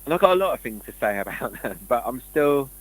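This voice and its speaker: Quick and swinging widely in pitch around a medium register, this man rambles through casual stories and performs the quotes of the people in them. The recording is rough.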